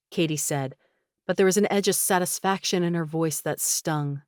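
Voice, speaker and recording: A woman narrating an audiobook in a measured, gently expressive reading. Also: sits low, clean tone, no room sound, studio quality.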